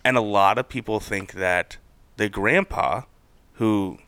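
A young man chats on his podcast with a bright, forceful voice, recorded close and dry. He tells stories eagerly and jumps high in pitch whenever he acts out what someone said. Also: slow pace, smooth, no room sound. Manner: animated storyteller, acts out quotes with big pitch jumps. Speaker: podcast co-host. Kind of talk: casual chat.

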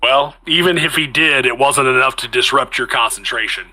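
Bright-voiced man running a tabletop game. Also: mid-range voice, normal speed, low-quality recording. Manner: chatty, restarts phrases while describing the action. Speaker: game master.

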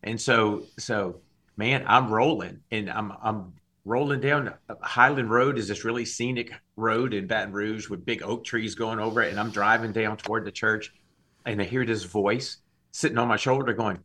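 A man from Louisiana, a singer and minister giving his testimony as a podcast guest, animated and acting out the dialogue. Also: fairly low pitch, moderate pace. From Louisiana, USA. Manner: animated storyteller, acts out dialogue.

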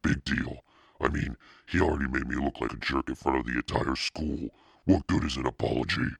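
Man doing a stubborn young schoolgirl, audiobook reading, very deep gravelly voice, dry close sound. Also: brisk, dry recording, exaggerated voice. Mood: bitter.

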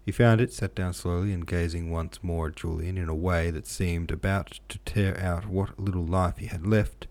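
Deep gravelly male novel reader. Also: steady tone, darkish tone. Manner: measured, occasionally self-correcting. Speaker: audiobook narrator. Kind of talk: reading a classic novel aloud.

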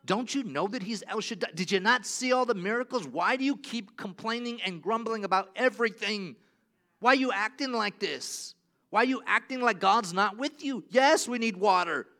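An exasperated prophet fires off one pleading question after another at a crowd that has forgotten its miracles, played by a male preacher. The voice sits high and rings bright and forceful. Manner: pleading, rapid rhetorical questions.

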